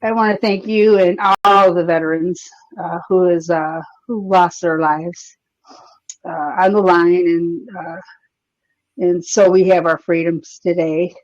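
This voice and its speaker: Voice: mid-range voice, steady tone, a little slow, no echo. A caller on a call-in chat, heartfelt and hesitant, restarting often. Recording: dull lo-fi call audio.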